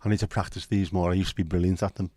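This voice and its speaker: Low-voiced, sweary livestream host. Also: male voice, little pitch movement, rapid-fire, mellow, no echo, studio quality. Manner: chatty, swears freely, self-deprecating. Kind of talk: casual chat.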